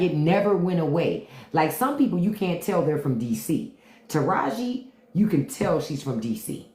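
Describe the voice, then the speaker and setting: A low-voiced woman with a D.C. chats candidly on a livestream, her pitch swinging up and down as she talks. She laughs often and drops into imitations of how people speak in other cities. The room is echoey around her. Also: a little mellow. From Washington, D.C. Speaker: podcast host on a livestream. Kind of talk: casual livestream chat answering viewers.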